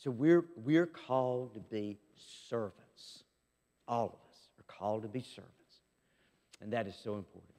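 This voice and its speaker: Emphatic pastor in a reverberant church. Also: male voice, fairly low pitch, expressive, moderate pace. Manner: emphatic, swinging from loud to soft. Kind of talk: sermon. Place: church sanctuary.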